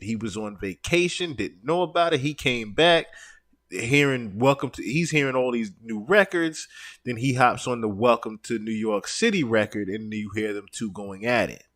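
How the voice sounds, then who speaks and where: A man giving casual, explanatory reaction commentary on a played clip. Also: mid-range voice. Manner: animated, explanatory.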